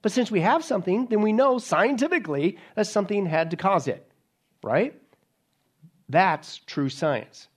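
A man's voice: high-pitched, animated, measured pace. A man preaching a sermon to an audience, sarcastic and mocking, with many rhetorical questions.

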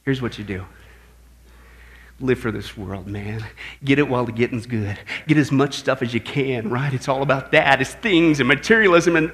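A male pastor preaching an animated sermon, exclaiming and asking his listeners questions. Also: medium pitch, normal speed.

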